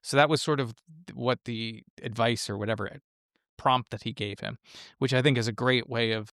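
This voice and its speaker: A man with a smooth, clear voice talks through a film in an eager, rambling podcast chat. He often restarts his sentences. The sound is dry and close, with no room around it. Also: medium pitch, fairly even intonation, fairly bright tone, dry recording. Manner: enthusiastic, rambling, quick restarts. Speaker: podcast co-host. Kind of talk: casual film discussion.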